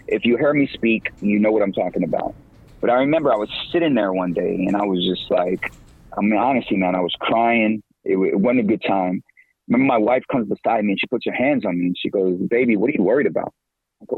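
A middle-aged man, a podcast guest and evangelist, talking about faith in a casual, slangy way, with his voice jumping up when he gets excited. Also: slightly rough, dry recording. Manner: animated, slangy, pitch leaps when excited. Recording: tinny phone-like line, dry.

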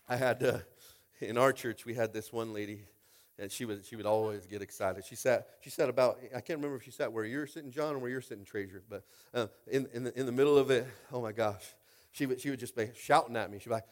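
A male pastor preaching a lively sermon, swinging between quiet asides and loud shouted exhortations, repeating lines and asking the congregation if they are with him. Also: medium pitch, fast talker. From United States.

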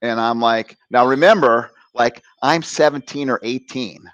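A middle-aged man telling a personal story on a talk show, animated and laughing as he acts out the voices of others. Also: mid-range voice, measured pace, no room sound, muffled recording. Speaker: guest.

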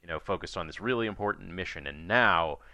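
A man co-hosting a podcast, talking casually about shows in a measured way with frequent fillers. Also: deep voice, lively intonation, bright, forceful tone, no room sound, lo-fi sound. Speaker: podcast co-host. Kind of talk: casual podcast review chat.

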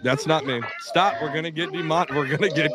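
A man with a gravelly voice, co-hosting a podcast in casual, joking banter. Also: a little high, steady tone, a little fast, over loud music. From South Jersey. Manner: joking, teasing. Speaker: podcast co-host.

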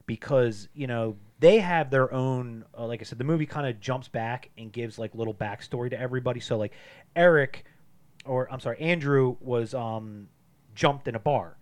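A man co-hosts a casual movie podcast, retelling scenes with lively acted-out quotes. His voice sits in a middle register. The delivery is loose and conversational, full of filler words. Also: mid-range voice, moderate pace. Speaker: podcast co-host.

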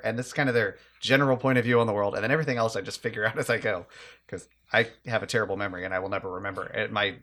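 Relaxed man chatting casually. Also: on the low side, rapid-fire. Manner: relaxed, chuckling, stammering starts. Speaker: podcast co-host and player. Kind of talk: casual chat.

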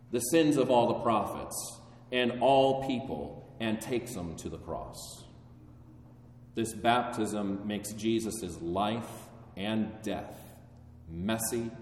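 A man preaching a sermon in a church, solemn and measured, building to stronger emphasis. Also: mid-range voice, recorded from a distance, a little hiss or hum. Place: church sanctuary. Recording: echoey hall, voice from afar.

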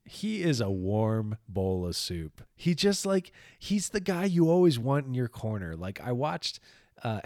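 A man's voice: on the low side, darkish tone, no echo, clean studio sound. A man co-hosting a podcast, chatting casually about actors and films, laid-back and laughing easily. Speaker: podcast co-host. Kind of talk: casual film discussion.

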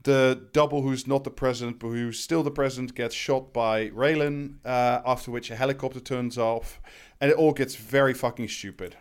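A man giving a rambling, halting film plot recap in casual podcast chat. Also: mid-range voice, steady tone, clean tone.

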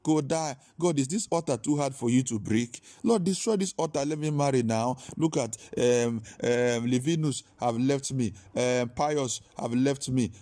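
A man's voice: medium pitch, moderate pace, few pauses, dark tone, lightly acted. A man voicing a desperate woman praying aloud, pleading and rising to a wail.

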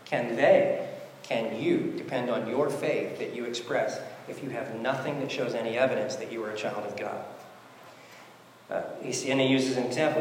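A pastor preaches a sermon in a conversational style, posing rhetorical questions as he moves through scripture. His voice is medium-pitched, and the recording has slight hiss or hum along with the long reverb of an echoey hall.

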